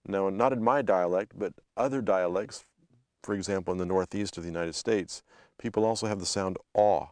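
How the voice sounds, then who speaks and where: A man teaching English vowel sounds, reading example words aloud one by one with deliberate, careful enunciation. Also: sits low, a little mellow, no room sound, clean studio sound. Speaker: language instructor. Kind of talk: instructional reading of word lists.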